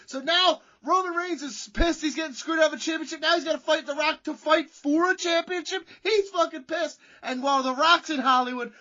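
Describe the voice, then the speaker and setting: High, bright, profane man ranting. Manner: profane, rambling storyteller. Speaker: podcast co-host. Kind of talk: casual sports chat. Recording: dull lo-fi sound.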